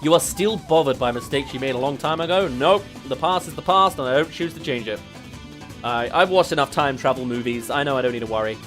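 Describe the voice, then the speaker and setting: A man's voice: mid-range voice, brisk, fairly bright tone, soft background music. A young English man streaming as a VTuber, chatting casually and laughing as he reads quiz questions aloud. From England.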